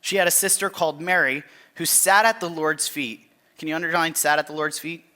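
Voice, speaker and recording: A man preaching a sermon in a relaxed, conversational way, often restarting phrases and asking listeners to underline and circle words in the passage. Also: a little high. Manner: conversational, halting restarts, asks listeners to mark the text. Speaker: pastor.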